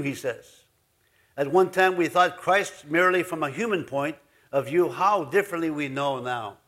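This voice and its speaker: A man's voice: on the high side, normal speed, fairly bright tone. A man pastor giving a folksy, rambling sermon in his church, full of asides. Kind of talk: conversational sermon.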